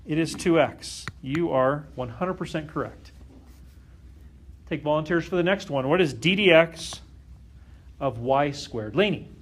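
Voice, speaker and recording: A man's voice: a little high, a little slow, long pauses, slight background noise. A man teaching a calculus lesson to a class, often stopping to question the students and check that they follow. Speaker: math teacher.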